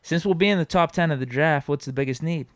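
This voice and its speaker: A man's voice: on the high side, quick pace, no room sound, clean studio sound. A man co-hosting a casual sports podcast, laid-back as he reads out viewer comments and teases his co-host.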